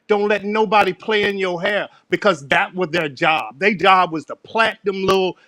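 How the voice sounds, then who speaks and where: Bright earnest man in a dry room. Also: sits high, dry recording. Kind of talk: casual chat.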